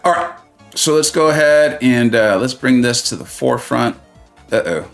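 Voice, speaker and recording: A man's voice: medium pitch, normal speed, creaky, a bit bright, faint music behind. A man hosting a live mobile-game stream, chatting and joking with viewers, reading their comments aloud and laughing often.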